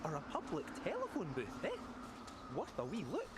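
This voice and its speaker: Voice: mid-range voice, wildly swooping pitch, normal speed. Jaunty game sidekick; wildly swooping delivery over heavy noise.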